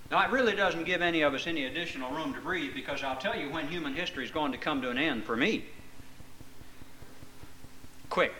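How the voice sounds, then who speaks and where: Bright-voiced man preaching a folksy sermon. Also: a little high, a little hiss or hum, poor audio. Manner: conversational, with folksy asides and rhetorical questions. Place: church meeting before a congregation.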